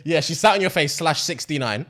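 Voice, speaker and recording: A man's voice: a little high, expressive, fairly quick, fairly bright tone. A man co-hosting a podcast, laid-back and joking in casual chat. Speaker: podcast co-host.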